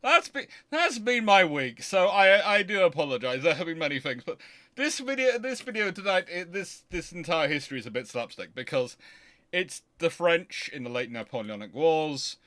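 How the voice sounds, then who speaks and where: Excitable man hosting a livestream. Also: fairly high pitch, brisk, no echo. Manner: excitable, rambling, frequent restarts. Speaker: history livestream host. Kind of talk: casual livestream chat.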